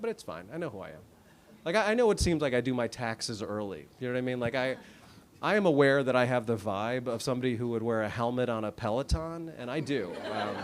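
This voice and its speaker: A man in his thirties performing a stand-up set on a comedy club stage, with a wry, self-deprecating, conversational delivery. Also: medium pitch. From United States. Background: audience laughter.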